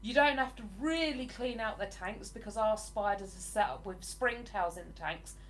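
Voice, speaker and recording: This English livestream host, in her forties, has a medium-pitched, slightly bright voice and a normal speaking speed. She chats easily with viewers and responds to their comments.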